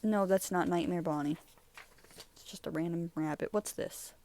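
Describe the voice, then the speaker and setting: A young woman with a warm, lowish voice talks at a moderate pace. A YouTuber reviewing her own old drawings, she chats casually, rambling, giggling, and getting easily sidetracked.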